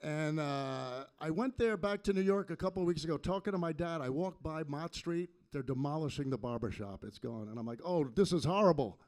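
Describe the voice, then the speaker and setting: A high-pitched man works a comedy club crowd with a stand-up set. He lands his punchlines in a deadpan way, speaking into a handheld stage mic. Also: a little fast, hardly any pauses. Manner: deadpan punchline delivery with sung parody bits.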